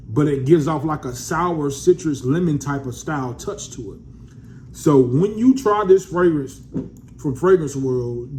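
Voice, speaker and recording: A man's voice: a little high, darkish tone, slight background noise. A man in a casual vlog reviewing a fragrance, laid-back and slangy, calling his viewers family.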